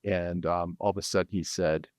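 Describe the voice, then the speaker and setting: A middle-aged man, a real estate agent and podcast host, telling a story in a casual, animated way, often restarting and laughing. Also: deep voice, fairly quick, dry recording.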